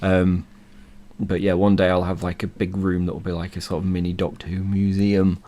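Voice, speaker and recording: Co-host, man, 30s, lowish pitch, hoarse from a cold, rambles with fan enthusiasm. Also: completely flat delivery, normal speed, warm tone. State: hoarse from illness. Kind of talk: casual chat.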